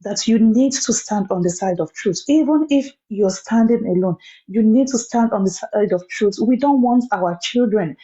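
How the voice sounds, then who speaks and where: Brief: woman guest on a live stream, earnest and preachy, warm dark tone over a dull, lo-fi line. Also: medium pitch, moderate pace. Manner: earnest, preachy, repeats for emphasis. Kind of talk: impassioned commentary.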